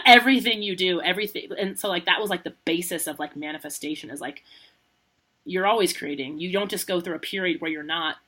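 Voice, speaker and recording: A woman co-hosting a podcast, telling a personal story in a chatty, animated way, laughing often and saying "like" a lot. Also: fairly low pitch, fairly quick. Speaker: podcast co-host. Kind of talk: casual storytelling chat.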